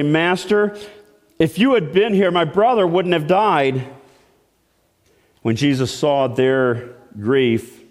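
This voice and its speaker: A man pastor preaching a storytelling sermon, animated, dropping to hushed tones and rising to loud exclamations. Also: mid-range voice. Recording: long hall reverb.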